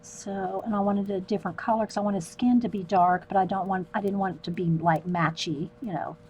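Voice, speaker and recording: A woman hosts a relaxed drawing livestream from her art desk. Her voice sits at a middle pitch, and her talk is chatty and easygoing. She keeps up a running conversation with viewers as she works, laughing often. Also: brisk, slight background noise. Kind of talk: casual livestream chat while drawing.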